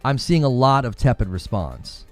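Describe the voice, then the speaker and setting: A man's voice: medium pitch, very animated, moderate pace, no echo, faint music behind. A man streaming live, chatting with viewers and laughing often as he acts out mock dialogue. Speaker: gaming streamer.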